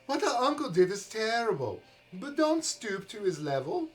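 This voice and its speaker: A man's voice: big pitch swings, moderate pace. A man voicing a desperate young nobleman who begs his sister to spare their uncle. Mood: pleading. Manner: high, loud and begging.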